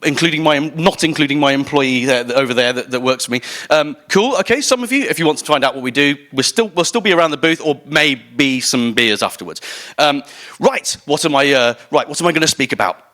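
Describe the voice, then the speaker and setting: An English man gives a conference talk in a chatty, self-mocking way, often stopping to restart with an um. His voice is bright and a little high for a man. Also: animated, brisk. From England. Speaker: conference speaker. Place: conference hall stage.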